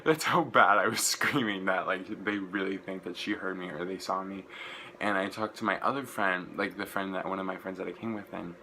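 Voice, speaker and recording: A young man, gushing and rambling through an excited casual vlog recap, full of "like" fillers. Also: deep voice, fairly quick, a little hiss or hum, poor audio. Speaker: vlogger.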